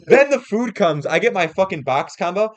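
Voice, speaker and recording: A young man with a slightly high voice tells a story on a podcast. He is animated and swears freely, and he drops into quick impressions of the people he describes. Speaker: podcast co-host. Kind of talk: casual storytelling chat.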